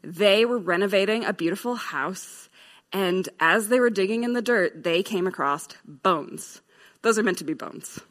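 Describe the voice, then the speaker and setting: A woman's voice: mid-range voice, moderate pace, a bit bright. A woman teaching a class of Bible teachers in a playful, lecturing way, laughing at her own drawings. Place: in front of a live class.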